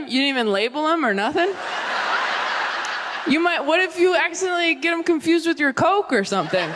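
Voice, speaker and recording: A woman doing stand-up, teasing the crowd with incredulous questions and often laughing mid-line. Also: a little high. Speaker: stand-up comedian. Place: large comedy venue with live audience. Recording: live hall reverb with crowd noise.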